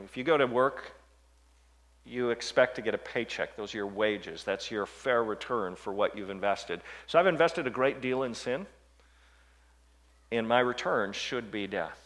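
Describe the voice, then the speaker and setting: Preaching man in a reverberant hall. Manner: swings from hushed, low passages to loud, raised scripture reading. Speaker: pastor. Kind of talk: sermon.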